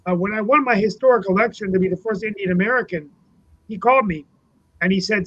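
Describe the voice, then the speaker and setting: A man with a fairly high voice shares memories in an unhurried, filler-heavy way. He co-hosts a casual political talk show. The sound is a bit dull and lo-fi. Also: fairly bright tone, husky. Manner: reminiscing, many uh fillers. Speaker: co-host, city councilman.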